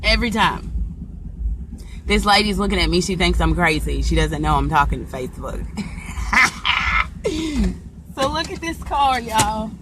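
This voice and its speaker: Lively chatty woman live-streaming on the go. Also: on the low side, measured pace, long pauses. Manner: chatty, playful, laughs often. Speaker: vlogger. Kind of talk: casual live-stream chat. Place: in a car and out in town. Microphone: phone camera. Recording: phone recording with clear street noise.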